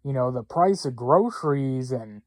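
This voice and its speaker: A man with a medium-pitched, expressive, slightly mellow voice speaks at normal speed with no echo. Hosting political commentary, he delivers a blunt, rambling opinion monologue in a casual way, full of fillers and restarts.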